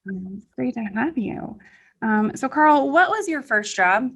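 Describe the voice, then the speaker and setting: A woman's voice: fairly high pitch, animated, a little slow, fairly bright tone, breathy edge. A woman hosting a podcast, chatty and upbeat, with many fillers between her questions. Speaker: podcast host, CPA.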